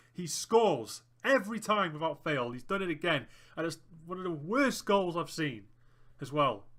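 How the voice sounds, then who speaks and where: A gaming YouTuber, a young man, does let's play commentary over his own football management game, groaning and cheering as the match unfolds. His voice is high-pitched and bright, with a forceful tone.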